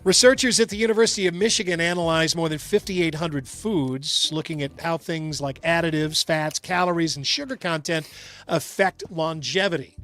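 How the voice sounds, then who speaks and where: A man's voice: a little high, moderate pace, fairly bright tone. An American man hosting a radio show, reading odd news items and adding jokes in casual chat. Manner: reads news items with joking asides.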